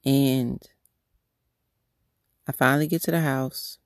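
Woman host, devotional testimony, earnest and candid, gravelly voice, dry close sound. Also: very deep voice, fairly even intonation, takes it slowly, no room sound. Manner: candid, earnest storytelling with restarts. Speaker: podcast host.

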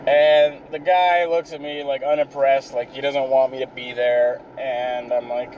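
A man's voice: mid-range voice, level tone, measured pace, few pauses, darkish tone, recorded from a distance, a little hiss or hum, low-quality recording. A man telling a comic story in a rambling, exasperated way, swearing constantly.

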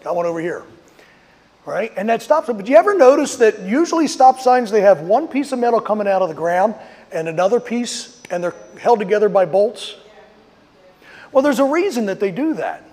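A man's voice: high voice, very animated, a little fast, darkish tone, long reverb tail. A man preaching a sermon outdoors, telling a story and acting out quotes with rising emphasis. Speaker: pastor. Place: outdoors on a street.

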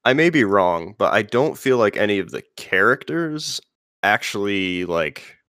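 A male podcast host talks in a loose, rambling way, padding his thoughts with fillers. His voice sits low and smooth. The recording is dry and close. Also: big pitch swings, measured pace, a bit bright, no echo. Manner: rambling, filler-heavy and conversational. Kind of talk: casual podcast chat.

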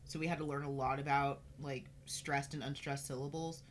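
Low-voiced, dry-witted woman co-host. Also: steady tone, slight background noise. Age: adult, studied in college. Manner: fast, dry, wry, swears casually. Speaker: podcast co-host. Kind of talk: casual chat.

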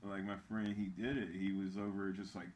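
A man telling a story in casual chat, laid-back and profane, often trailing off quietly. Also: low voice, level tone, brisk, slight background noise. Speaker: podcast co-host.

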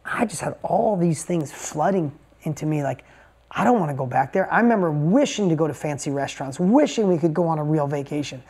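A man's voice: on the high side, lively intonation, a little fast, darkish tone, husky. Intense, emphatic man telling a story. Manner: emphatic and intense, punchy repeated phrases. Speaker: motivational speaker. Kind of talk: personal story told to a live audience.

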